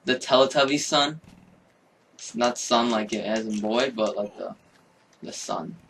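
Young male gamer, rants and shouts, unhurried delivery, slightly distant mic with light hiss. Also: medium pitch, creaky. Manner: excitable, swearing, yelling outbursts. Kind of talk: game commentary.

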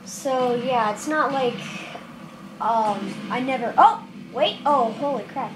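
A woman giving casual commentary over her own game, jittery and nervous that turns into shouted excitement, recorded on a camera filming the screen. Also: fairly high pitch, slow pace, over music. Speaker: gameplay commentator.

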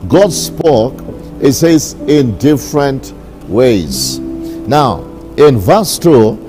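Slow, emphatic preaching man. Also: medium pitch, sing-song, over music. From Kenya. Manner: slow, emphatic, repeating declarations. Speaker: bishop. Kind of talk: sermon.

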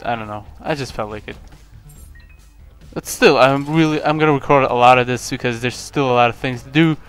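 A man's voice: mid-range voice, clear, resonant tone. Rambling young man over game music. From Lithuania. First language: Lithuanian. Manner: rambling, self-mocking, with sudden excited yelps. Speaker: gaming channel host. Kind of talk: casual gameplay commentary.

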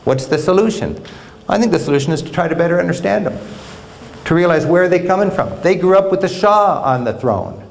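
A man giving a public travel lecture in a university hall, telling stories in an animated way with wry humor. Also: sits high, brisk, vocal fry, a little hiss or hum. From United States. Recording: roomy hall sound.

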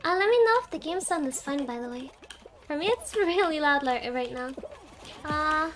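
A woman's voice: sits high, lively intonation, normal speed, a bit bright, slight background noise. A woman VTuber chatting casually to her viewers while gaming, cutesy and giggly, with a tired, sleepy voice. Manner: giggly, cutesy, talks to chat with many laughs. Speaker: VTuber streamer. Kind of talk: casual game stream chat.

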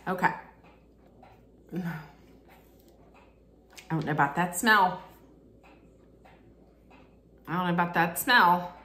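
A woman's voice: fairly low pitch, takes it slowly, long pauses, sharp tone. A woman casually unboxing and taste-testing snacks for her vlog, chatty and candid, thinking aloud as she goes. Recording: roomy echo.

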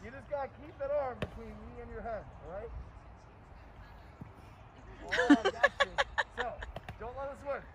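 A man teaching a martial arts class for children, leading loud call-and-response drills in a playful, commanding way. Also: extremely high pitch, moderate pace, long pauses, over a noisy crowd. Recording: loud outdoor traffic noise.

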